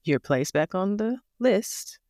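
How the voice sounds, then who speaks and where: A woman as a podcast guest, telling a personal story in a casual, animated way and laughing along the way. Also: mid-range voice, takes it slowly, no room sound, studio quality.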